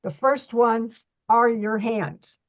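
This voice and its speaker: A woman's voice: a little high, slow. Middle-aged woman, reflexology instructor, chatty and repetitive, slightly dull lo-fi audio. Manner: chatty, repeats words, restarts often. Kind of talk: online workshop teaching.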